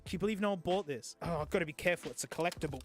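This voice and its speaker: A man hosting a casual product-review vlog, excitable, joking and sarcastic as he talks. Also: fairly high pitch, racing. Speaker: host.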